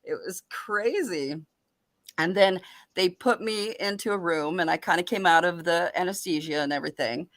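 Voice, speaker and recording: Woman telling a story with lively energy. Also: fairly low pitch, moderate pace, no room sound, studio quality. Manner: lively, animated retelling with laughter. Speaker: open mic guest. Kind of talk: personal storytelling.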